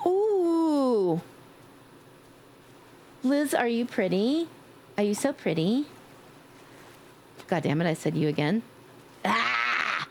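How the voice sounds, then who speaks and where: A woman streamer chatting casually with her viewers in a playful way, now and then slipping into squeaky baby talk and screams. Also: very animated, takes it slowly, gravelly, long pauses, a little hiss or hum. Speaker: livestreamer. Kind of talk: casual live-stream chat.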